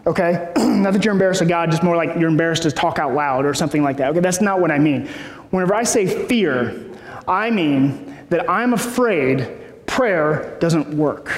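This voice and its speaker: A man in his thirties preaching a sermon in a conversational way, often checking in with the room. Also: high-pitched. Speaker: pastor. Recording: echoey hall.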